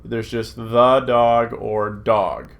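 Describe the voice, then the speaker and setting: A man's voice: mid-range voice, fairly even intonation, very slow, gravelly, fairly bright tone. A middle-aged man teaching a recorded Greek grammar lesson, patient and plain, with many filler sounds as he repeats forms aloud.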